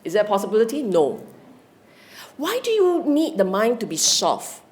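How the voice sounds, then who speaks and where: Woman meditation teacher, lively talk that questions her listeners. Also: mid-range voice, normal speed. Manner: lively, questioning the audience, acting out inner voices. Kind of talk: Dharma talk to a class.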